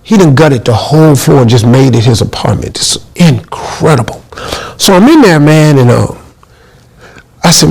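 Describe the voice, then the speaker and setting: Man, middle-aged, comic storyteller, gravelly, animated pitch, acts out the quotes. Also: normal speed, poor audio. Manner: lively, exclaims and acts out quotes. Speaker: comedian telling a story.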